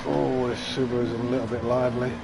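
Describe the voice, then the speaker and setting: Man, racing streamer, live commentary, mutters reactions, mid pitch, steady background noise. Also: fast talker, creaky. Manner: chatty, muttering reactions to his driving.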